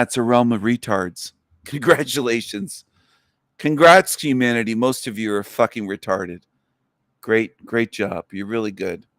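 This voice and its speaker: A man's voice: medium pitch, no echo, studio quality. A man hosting a livestream, delivering a contemptuous, mocking rant to his viewers. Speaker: livestream host. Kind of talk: ranting livestream monologue.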